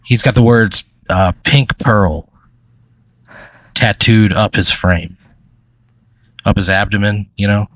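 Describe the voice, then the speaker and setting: A man's voice: fairly low pitch, steady tone, unhurried, no room sound. A man narrating a tabletop game as game master, rambling with many fillers. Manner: rambling, filler-heavy storytelling.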